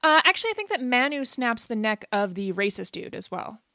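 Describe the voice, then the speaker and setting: A woman's voice: on the high side, very animated, a little fast, sharp tone, no echo, clean studio sound. A young woman co-hosting a podcast, chatting casually about a movie with lots of fillers and swearing. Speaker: podcast co-host.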